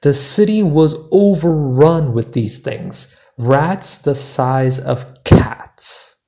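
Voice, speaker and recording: A man hosting a podcast, narrating a personal travel story in a measured, deliberate way. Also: a little high, gravelly, dark tone. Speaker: podcast host.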